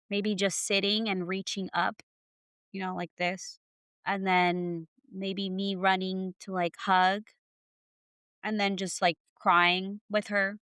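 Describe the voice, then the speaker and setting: A woman co-hosting a podcast, speaking gently and thoughtfully, pausing often. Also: mid-range voice, clean tone, no room sound, clean studio sound. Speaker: podcast co-host. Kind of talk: casual heartfelt conversation.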